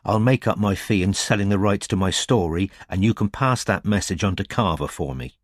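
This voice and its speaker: Gruff injured male detective, blunt and curt, read by a man, low voice, dry sound. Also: a little fast, dry recording. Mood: angry.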